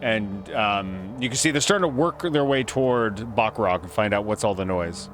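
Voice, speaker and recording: A man's voice: lowish voice, lively intonation, moderate pace, soft background music. Chatty male game master. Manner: loose, chatty narration with many fillers. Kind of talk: narrating a tabletop game.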